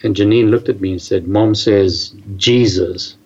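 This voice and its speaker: A man telling a personal story in a casual, animated way, halting often and restarting his sentences. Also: lowish voice, dull audio.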